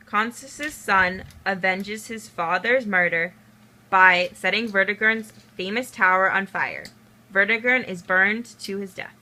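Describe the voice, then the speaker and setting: A woman's voice: mid-range voice, a little slow, bright, forceful tone, slight background noise, rough recording. A young woman reading the narration of a student history video project. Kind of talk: amateur school video narration.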